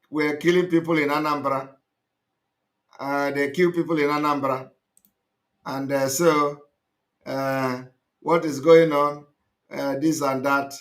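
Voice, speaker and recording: A man hosting an online show, delivering an impassioned commentary with repeated phrases and sudden loud outbursts. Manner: emphatic, repetitive, swings between loud outbursts and low asides.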